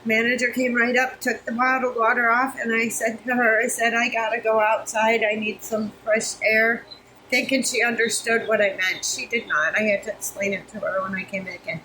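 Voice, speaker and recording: A woman's voice: fairly high pitch, level tone, moderate pace, bright, forceful tone, slight background noise, low-quality recording. A woman in her fifties, a vlogger, venting frankly to her phone camera while overheated and flustered, swearing freely and sounding exasperated. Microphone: phone camera close up.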